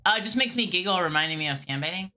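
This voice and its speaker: A woman's voice: on the low side, expressive, rapid-fire, pushed and bright, soft background music. A woman streamer casually rambling through chat questions in a laid-back way, a voice she calls whiny. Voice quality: calls her own voice whiny.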